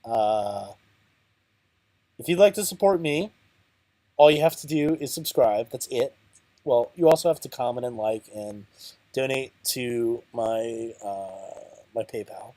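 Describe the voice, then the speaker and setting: A man's voice: mid-range voice, animated, takes it slowly, dark tone, no room sound. A man giving casual, rambling commentary on his card game, muttering to himself, counting aloud and mocking his own bad luck. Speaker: channel host playing a card game.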